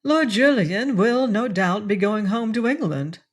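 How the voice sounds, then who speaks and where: A woman's voice: mid-range voice, expressive, a little slow, pitched above the performer's own voice. A woman reading an audiobook, voicing a proud, spirited young lady who speaks with cool dignity.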